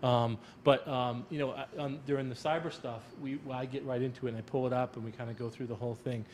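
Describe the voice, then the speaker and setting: A man's voice: medium pitch, fairly even intonation, quick pace, darkish tone, slight background noise. A middle-aged man, a school counselor, talking casually on a panel, rambling and repeating words as he reassures parents.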